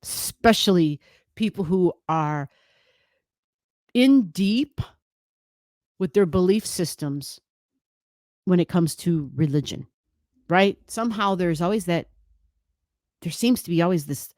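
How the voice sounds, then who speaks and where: A woman's voice: fairly low pitch, lively intonation, slow pace, pauses often, a little mellow, no room sound, studio quality. A woman astrologer talking casually at home into a desk microphone, rambling a little, repeating phrases and laughing often. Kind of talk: casual chat about astrology. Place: room at home.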